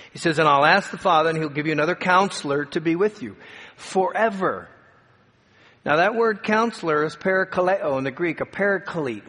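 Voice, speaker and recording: A male pastor preaching a sermon, slowing down and building to emphatic peaks as he tells stories and reads scripture. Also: a little high, fairly bright tone. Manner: dramatic preaching with slowed emphatic phrases and rising peaks. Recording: long hall reverb.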